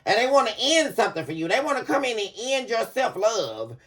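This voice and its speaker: Woman tarot reader, casual and chatty, lively pitch, breaks into laughter. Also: fairly quick. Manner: animated, laughing, addresses viewers as y'all. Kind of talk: casual psychic reading to viewers.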